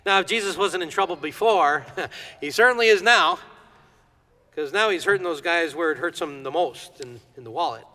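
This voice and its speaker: Bright-voiced male preacher in a reverberant hall. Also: fairly high pitch, normal speed. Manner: lively storytelling, acts out quoted voices. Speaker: pastor. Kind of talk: sermon.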